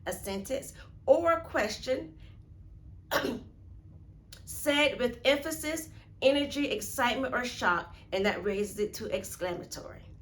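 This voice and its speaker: A woman's voice: on the high side, fairly bright tone. An American woman teaching English grammar in a recorded video lesson, patient, asking questions and answering them herself. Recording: echoey room, faint background hiss.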